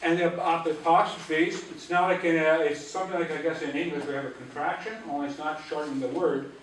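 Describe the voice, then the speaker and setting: A man teaching an Ojibwe language class, patiently drilling syllables and repeating words slowly. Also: a little high, fairly even intonation, a little hiss or hum. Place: library auditorium. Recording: echoey room, voice from a distance.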